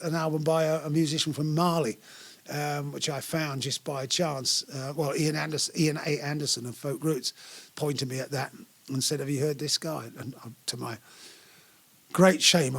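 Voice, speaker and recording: An older musician chats about his career at length, circling back and restarting his sentences as he goes. His speaking voice sits fairly high for a man. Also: vocal fry. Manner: rambling storyteller with frequent restarts and fillers. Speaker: musician guest. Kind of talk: relaxed interview chat. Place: small live venue.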